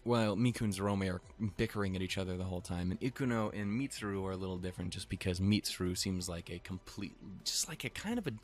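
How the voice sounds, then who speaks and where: Low-voiced man rambling through an anime recap. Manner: rambling, profane, chuckling asides. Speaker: anime reviewer. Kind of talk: casual episode recap commentary.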